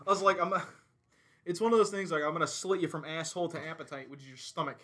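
A young man with a slightly raised voice co-hosting a casual podcast. He jokes crudely and keeps a relaxed, bantering flow. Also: on the high side, quick pace. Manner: joking, laid-back, crude. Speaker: podcast co-host.

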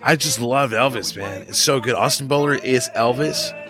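A man's voice: mid-range voice, moderate pace, over music. A young man as a podcast guest, chatting casually and enthusiastically, full of slang. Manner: slangy, enthusiastic, says bro a lot. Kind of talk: casual chat.

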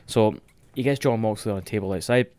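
A young Scottish man recapping a wrestling match in casual, excitable, sweary podcast chat. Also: lowish voice, fast, smooth, no room sound.

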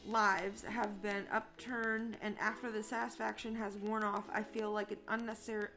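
A woman's voice: medium pitch, little pitch movement, normal speed, bright, forceful tone, soft background music. A young woman co-hosting a podcast in casual chat, reading a post aloud and then swearing indignantly about it. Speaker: podcast co-host.

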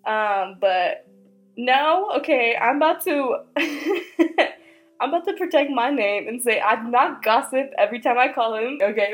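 Young woman hosting a story podcast, laid back and slangy, drops swears, soft music under her. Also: fairly high pitch, animated, normal speed, rough recording. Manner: casual and slangy, swears freely; reads a listener's story aloud in a hushed voice. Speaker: podcast host.

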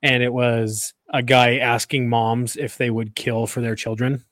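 A man co-hosts a casual podcast, telling loose, rambling stories that stop and restart as he laughs at himself. His voice sits at an everyday middle pitch. The sound is dry and close to the mic. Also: level tone, a little slow, a bit bright, no room sound. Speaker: podcast co-host. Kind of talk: casual chat.

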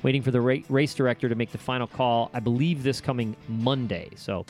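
A man's voice: medium pitch, fairly even intonation, brisk, a little mellow, faint music behind. A man from upstate New York co-hosting a podcast, chatting in an upbeat, rambling way with many fillers. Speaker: podcast co-host. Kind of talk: casual podcast chat.

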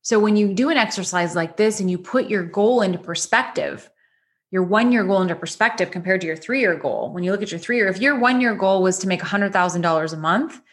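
A woman's voice: medium pitch, a little fast. A woman coach leading a goal-setting lesson, talking directly and encouragingly with many rhetorical questions.

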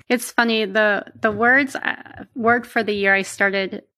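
A woman, a guest telling personal stories in a lively, casual way, laughing now and then. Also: on the high side, slow, no echo. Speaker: interview guest. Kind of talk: casual storytelling.

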